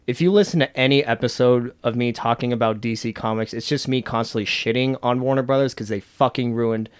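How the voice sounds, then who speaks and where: A man co-hosting a podcast in casual chat, talking in an excitable, emphatic and profane way. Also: mid-range voice, a little fast, clean tone. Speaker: podcast co-host.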